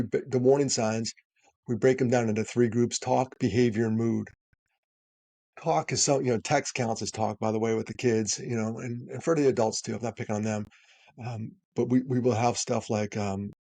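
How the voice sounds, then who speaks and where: A man's voice: medium pitch, moderate pace, creaky, dry recording. A man speaking as a podcast guest, giving earnest advice and acting out bits of dialogue as he talks. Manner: animated storyteller, acts out dialogue.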